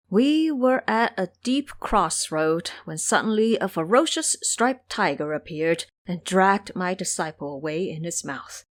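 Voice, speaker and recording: A woman's voice: fairly low pitch, no room sound. A woman voicing a demon disguised as an injured old male Taoist, pleading and whimpering for help.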